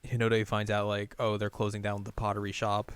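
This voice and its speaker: A man's voice: lowish voice, a little fast, clear, resonant tone, no echo. Man animatedly retelling a film. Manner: rambling, animated retelling with acted-out quotes. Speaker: podcast co-host. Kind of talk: casual chat recapping a film.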